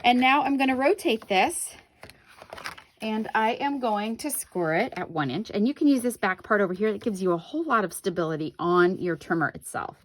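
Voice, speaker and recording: A woman's voice: medium pitch, lively intonation, normal speed. A woman demonstrating a paper craft on camera, chatting with viewers and correcting herself as she works. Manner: chatty, talks to viewers while working, self-correcting. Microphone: camera on the craft table.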